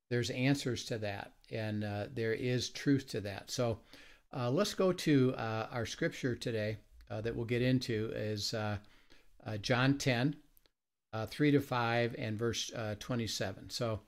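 A man hosting a conversational Bible teaching, talking with many pauses and fillers. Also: medium pitch. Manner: halting, many fillers and restarts. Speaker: ministry host.

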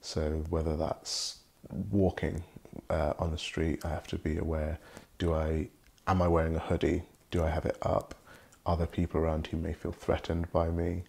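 Deep gravelly young man, measured and thoughtful. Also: completely flat delivery, darkish tone. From Britain. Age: young adult. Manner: measured, thoughtful, polished professional delivery. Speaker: guest. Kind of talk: reflective conversation.

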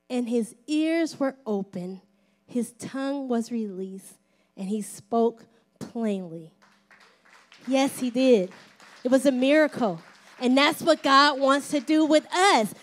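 A middle-aged woman pastor preaching a sermon in a lively, playful way, acting out little voices and sometimes dropping to a whisper. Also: high-pitched, slow pace, pauses often. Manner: drops to a whisper at times.

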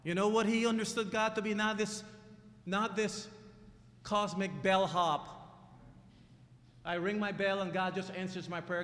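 A man preaching a sermon in a church, emphatic and lively, moving between loud appeals and hushed moments. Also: high voice, unhurried, pauses often. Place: church sanctuary. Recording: long church-hall reverb.

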